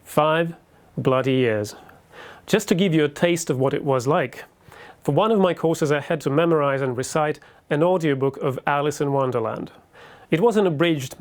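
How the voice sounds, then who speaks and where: A university lecturer, a native Russian speaker, giving a scripted lecture in a learned British accent in a measured, explanatory manner. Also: male voice, a little high. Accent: British English, learned.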